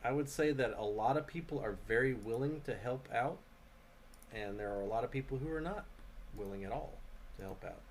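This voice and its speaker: A man's voice: mid-range voice, a little fast, a little hiss or hum. A man from the United States hosting a live game stream in casual chat, reading out viewer questions and talking through what he does. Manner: relaxed, chatty, reads out viewer questions, narrates actions. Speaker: streamer host.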